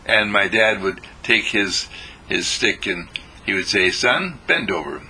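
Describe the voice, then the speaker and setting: A man telling a spiritual story in a rambling way, pausing and repeating words. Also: lowish voice, steady tone, sharp tone, slightly rough, poor audio.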